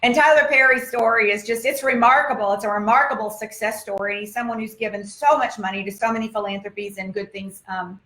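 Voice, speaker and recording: A woman's voice: a little high, steady tone, fairly quick, few pauses, fairly bright tone. A woman giving a motivational talk, speaking emphatically and often repeating her points to drive them home. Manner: emphatic, repetitive, exhortative. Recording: roomy echo.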